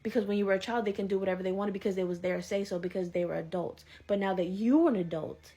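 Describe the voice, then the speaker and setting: A woman's voice: mid-range voice, quick pace, dark tone, breathy edge. A woman giving a blunt, heated monologue to her viewers, speaking her mind. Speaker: vlogger. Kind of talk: opinionated monologue to camera.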